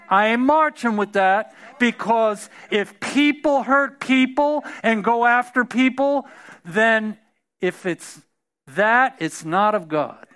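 High-voiced slow emphatic male preacher. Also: fairly bright tone, clean tone. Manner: emphatic, drawn-out preaching with colloquial asides; laughs during his own anecdotes. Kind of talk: sermon.

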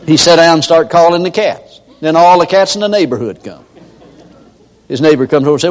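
A man's voice: on the high side, a little fast. An older man preaching a sermon in a folksy storytelling manner, acting out everyday characters. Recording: long hall reverb.

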